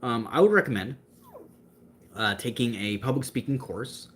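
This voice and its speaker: Speaking at a moderate pace with lively intonation and a medium pitch, a young livestream host chats casually while answering his chat. He's talkative, gestures as he speaks, and uses many fillers and restarts; a bit of hiss or hum is audible.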